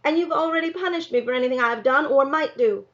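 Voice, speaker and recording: A woman's voice: high voice, quick pace, fairly bright tone, voice pushed up. A woman reading aloud, voicing an earnest, defiant young girl with an emotional, pleading manner. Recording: dull lo-fi recording.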